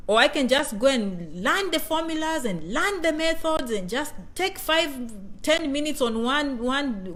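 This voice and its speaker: A woman in her thirties from Kenya chats on a casual live stream, talking straight to her viewers. She has a somewhat high voice and a playful, talkative manner, often saying a phrase two or three times over. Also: fairly bright tone. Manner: chatty, repeats phrases, playful asides. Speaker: vlogger hosting a live chat.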